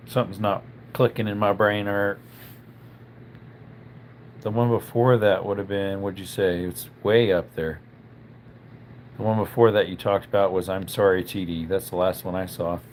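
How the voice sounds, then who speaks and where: A man's voice: on the low side, a little mellow, a little hiss or hum. A man, a little under the weather with a tickle in his throat, hosting a casual live stream and chatting through viewer comments.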